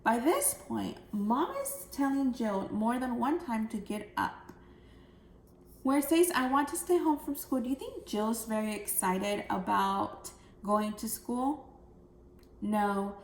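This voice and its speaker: A woman teacher walks young children through a recorded phonics lesson, explaining each step clearly. She speaks slowly in a slightly high, gravelly voice. The room sounds echoey, with a faint hiss behind her. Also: animated, a little mellow. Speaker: second grade teacher.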